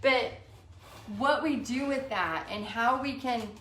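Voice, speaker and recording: A woman's voice: fairly high pitch, takes it slowly, fairly bright tone. A woman, hosting a live-streamed motivational talk for a paint party business, earnest and fired up, talking with lots of "you know" and "like". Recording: echoey room with faint background hum.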